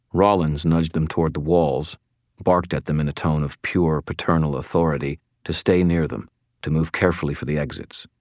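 A man narrating a first-person audiobook in a steady, measured storytelling manner. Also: very deep voice, dry recording, studio quality.

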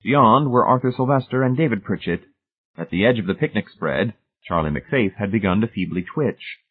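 A man narrates an audiobook in a steady, measured way. His voice sits low and slightly husky. The recording is narrow and phone-like. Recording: tinny phone-like sound.

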